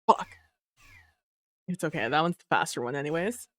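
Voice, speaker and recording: A woman streaming a game live, chatting casually with her viewers while she plays, sleepy and relaxed. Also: low voice, moderate pace, no room sound. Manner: relaxed, chatty, muses aloud to chat. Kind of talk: casual live gameplay chat.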